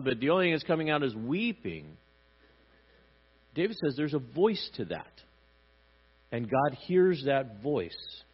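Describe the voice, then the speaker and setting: Animated man preaching a sermon. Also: mid-range voice, dull audio. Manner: animated, acts out little voices for God and parents. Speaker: pastor.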